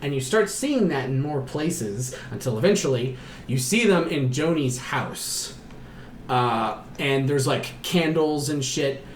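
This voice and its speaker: Recapping a film in casual chat, a male podcast host rambles, curses, and performs characters' lines. His medium-pitched voice has lively intonation and an unhurried pace, recorded in an echoey room with a little hiss or hum.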